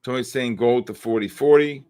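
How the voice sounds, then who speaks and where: Fast and a little mellow, with a clean tone and medium pitch, a man from the Bronx, New York runs a livestream about trading. He's brash and jokey, addressing viewers by name.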